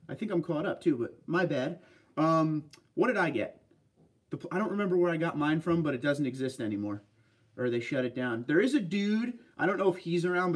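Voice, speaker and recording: A man hosting a casual livestream, answering viewer comments in a relaxed, chatty way. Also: on the high side, far from the mic. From Pennsylvania. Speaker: livestream host reading chat. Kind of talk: casual live chat.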